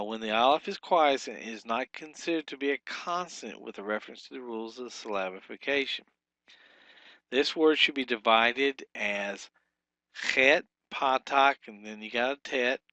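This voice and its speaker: A man teaching a recorded language lesson, stepping slowly through examples and repeating words to sound them out. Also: medium pitch, pushed and bright, no echo.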